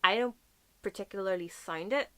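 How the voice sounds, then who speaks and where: A woman's voice: medium pitch, normal speed, fairly bright tone, clean tone. A woman from Northern Ireland with a light Northern Irish accent, chatting casually to camera as a book vlogger, gushing and playful with whispered asides.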